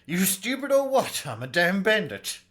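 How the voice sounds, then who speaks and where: A man voicing an angry, rude male wolf bandit in a game, talking brashly and loudly. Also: medium pitch, measured pace. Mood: scornful. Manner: brash, shouting, swearing.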